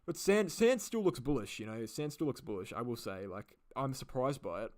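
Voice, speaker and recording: A man's voice: medium pitch, animated, moderate pace, darkish tone. An Australian man hosting a live stream, answering viewer questions in a rambling way, full of fillers and repeated phrases. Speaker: crypto channel host.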